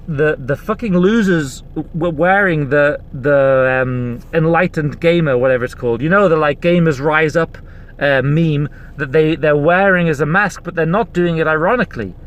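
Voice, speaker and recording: A man's voice: fairly high pitch, normal speed. A man hosting a podcast, delivering a heated, rambling and profane rant from a car while driving. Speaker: podcast host. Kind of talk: ranting monologue.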